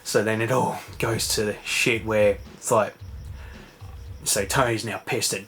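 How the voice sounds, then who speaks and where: A man's voice: fairly low pitch, fairly even intonation, a little slow, fairly bright tone, a little hiss or hum. Rambling guy recapping a show. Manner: rambling, many fillers, swearing. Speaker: vlogger. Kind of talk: casual late-night recap chat.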